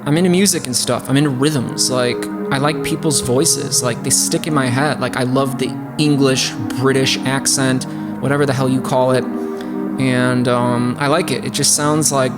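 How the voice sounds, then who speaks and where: A man hosting a laid-back music production hangout, drifting off on tangents and filling his talk with fillers. His voice sits at a middle pitch. Loud music plays under everything he says. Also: steady tone, moderate pace. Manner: rambling, lots of fillers and asides. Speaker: host.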